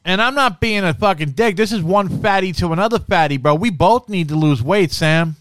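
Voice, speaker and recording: A man's voice: sits high, a little fast, fairly bright tone, no room sound, clean studio sound. A man co-hosting a podcast in casual, profane chat, saying bro a lot. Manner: swears constantly, says bro a lot. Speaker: podcast co-host.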